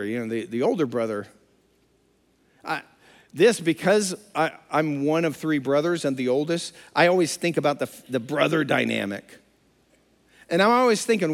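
A man's voice: a little high, big pitch swings, normal speed. A man preaching a sermon who acts out the characters of the story he tells. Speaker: pastor. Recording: long hall reverb.

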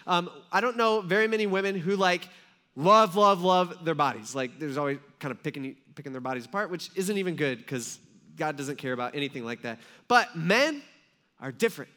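A man's voice: fairly high pitch, animated, brisk, bright, forceful tone. A man preaching a sermon as a pastor, telling a story in a casual, joking way with many asides.

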